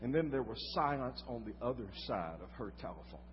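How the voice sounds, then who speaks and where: An older man preaching a sermon, telling a personal story with dramatic swings from loud to hushed. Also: medium pitch, expressive, brisk. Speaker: pastor. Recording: reverberant hall, slightly dull sound.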